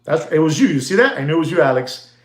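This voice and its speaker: His voice sits on the high side with big pitch swings and a quick pace as he chats casually about watches and the gold market. This dealer and commentator is repetitive and rambling, heavy on "you know" and Spanish slang, and he hypes and teases his audience as "ladies and gentlemen". The sound is roomy and echoey.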